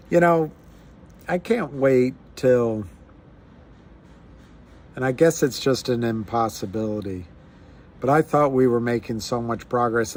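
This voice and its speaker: A man hosting a casual livestream, musing aloud in a rambling way with frequent restarts. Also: medium pitch. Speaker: livestream host.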